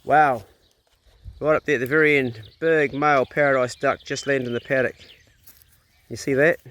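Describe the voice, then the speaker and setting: A man's voice: mid-range voice, steady tone, normal speed, fairly bright tone. A man chatting offhand about his dogs as he walks them on a farm, filmed on a handheld phone outdoors. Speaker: farm vlogger. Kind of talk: casual narration while walking.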